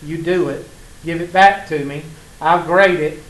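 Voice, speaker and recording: A man's voice: on the high side, unhurried, fairly bright tone. A man with a Southern accent teaching a college math class, telling stories and joking with his students. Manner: folksy, joking, teasing the class. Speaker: math instructor. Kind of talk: classroom lecture with storytelling. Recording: echoey classroom with faint ambience.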